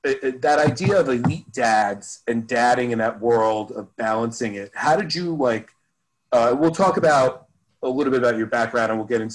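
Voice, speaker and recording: A man's voice: medium pitch, noisy background. Upbeat rambling male podcast host. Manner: upbeat, rambling with many fillers and restarts. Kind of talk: casual podcast chat.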